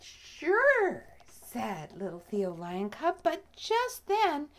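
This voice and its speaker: Slow, expressive woman storyteller. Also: mid-range voice. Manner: slow and expressive, often dropping to a whisper. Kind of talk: reading a children's story aloud.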